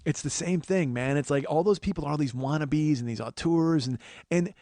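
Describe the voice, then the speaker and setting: A man's voice: on the high side, normal speed, mellow, no room sound. A middle-aged man telling a comic story as a podcast host, ranting with frequent swearing and exasperation. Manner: profane, exasperated rant. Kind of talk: storytelling monologue.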